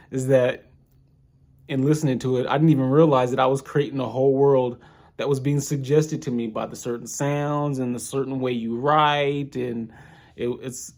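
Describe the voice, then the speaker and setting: A man's voice: mid-range voice, moderate pace, a little mellow. A young man casually recapping an audio drama episode, rambling and thinking aloud with many restarts. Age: young adult. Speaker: podcast reviewer.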